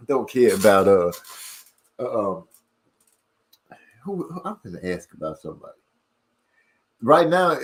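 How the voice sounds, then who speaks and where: Fast-talking man hosting a stream. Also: on the low side. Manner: fast-talking, rushes and stumbles over words. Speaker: livestream host. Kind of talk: casual chat reading viewer comments.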